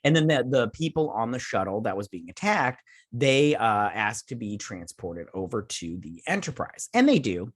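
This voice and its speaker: A man's voice: mid-range voice, very animated, moderate pace, few pauses, husky, no room sound, clean studio sound. A man hosting his own channel, reviewing a TV episode in a rambling, scatterbrained casual chat. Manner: rambling, scatterbrained, many restarts.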